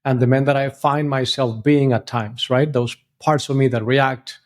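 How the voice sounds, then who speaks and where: A man's voice: mid-range voice, steady tone, normal speed. Earnest, reflective male podcast co-host. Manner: earnest, reflective, many restarts. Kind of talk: movie discussion podcast.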